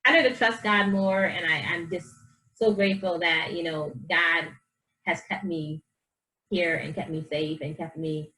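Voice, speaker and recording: A woman's voice: on the low side, a little slow, rough recording. A woman life coach, a guest in a casual interview, talking earnestly and animatedly about her past and her faith, acting out what others said. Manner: earnest, animated storyteller who acts out quoted voices.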